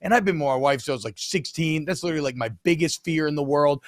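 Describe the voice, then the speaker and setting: A man in his thirties co-hosting a sports podcast, telling a self-mocking story in an animated way. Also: on the high side, fast, no echo, clean studio sound. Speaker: co-host. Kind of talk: casual sports podcast chat.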